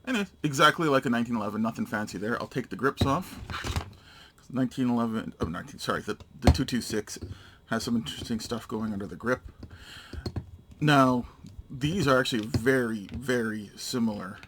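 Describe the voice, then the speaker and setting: A man's voice: medium pitch, brisk, a bit bright, a little hiss or hum. A man giving a casual, hands-on product demonstration, narrating each step in short, matter-of-fact phrases. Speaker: gun reviewer.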